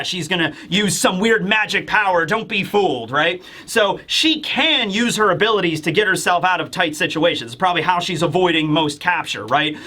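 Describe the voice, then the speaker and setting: Bright, high-voiced male reviewer. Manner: animated, casual, swears, says "right?". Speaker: host, manga reviewer. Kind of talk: casual chat.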